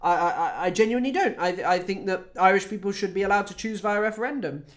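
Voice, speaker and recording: A man's voice: high voice, fast. A Scottish man, a comedian and streamer, chatting casually to his live chat in a rambling, profane, sardonic way, with lots of fillers.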